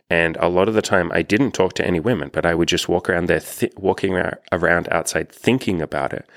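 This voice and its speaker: Deep creaky-voiced male dating coach. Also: a bit bright, no room sound, clean studio sound. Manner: rambling, self-deprecating, swears freely. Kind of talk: casual coaching monologue.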